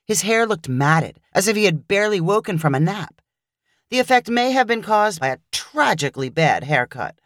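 A woman narrating a short story in a wry, expressive storytelling manner. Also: mid-range voice, normal speed, dry recording, clean studio sound.

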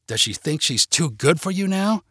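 A man putting on a loud pushy wife. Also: on the high side, lively intonation, moderate pace, slightly rough, no room sound, studio quality, full character voice. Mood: indignant. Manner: loud, insistent, indignant. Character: pushy jealous wife, middle-aged.

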